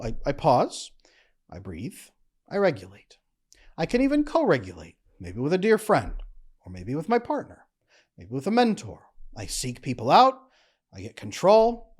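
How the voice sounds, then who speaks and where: Calm, emphatic man with lively pitch. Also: breathy edge. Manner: calm, measured, emphatic delivery in short phrases. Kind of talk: motivational talk to camera.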